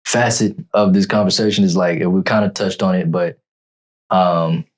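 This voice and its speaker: A man co-hosting a podcast, talking in a halting way with many fillers and restarts. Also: deep voice, steady tone. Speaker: podcast co-host. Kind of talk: casual chat.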